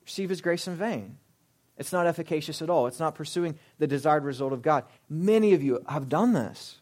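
Young guy preaching, high voice, keeps firing rhetorical questions, loud then hushed. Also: animated, a little fast. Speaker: pastor. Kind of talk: sermon.

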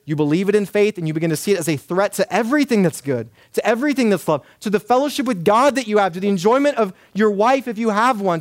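Pastor type, man in his thirties, earnest emphatic sermon delivery, slightly high pitch, dry close sound. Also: no echo. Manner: earnest, emphatic preaching with repeated lists.

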